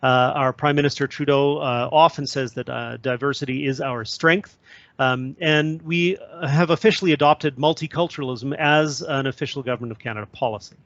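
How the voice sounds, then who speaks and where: A man's voice: mid-range voice, steady tone, moderate pace, a bit bright, no echo. A male trade commissioner giving a webinar presentation, hesitant with many fillers. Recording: dull lo-fi audio.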